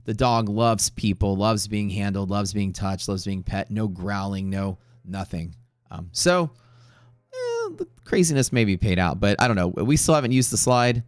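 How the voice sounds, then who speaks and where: A man hosting a live trading stream, chatting casually in a rambling way with profane jokes and quick asides to viewers. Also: on the low side, sing-song, no echo, studio quality. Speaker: livestream trading host.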